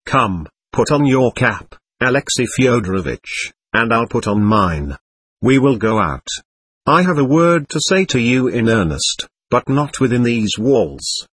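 A man voicing a shabby, bitter middle-aged captain who rambles with ironic self-abasement, husky-voiced. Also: medium pitch, big pitch swings, unhurried, a bit bright, full character voice. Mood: bitter irony.

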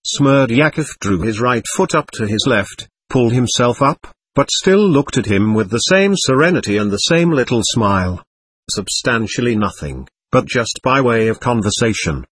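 A man narrating a classic novel as an audiobook, in a measured storytelling manner. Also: mid-range voice, a bit bright, slightly rough, no room sound.

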